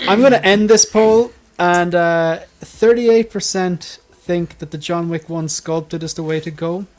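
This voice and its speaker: A man hosts a relaxed livestream panel, his voice sitting a little higher than most men's. He rambles freely, cuts himself off mid-thought and keeps laughing along with his guests. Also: measured pace. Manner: rambling, restarts and trails off, laughs often. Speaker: livestream host. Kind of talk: casual panel chat.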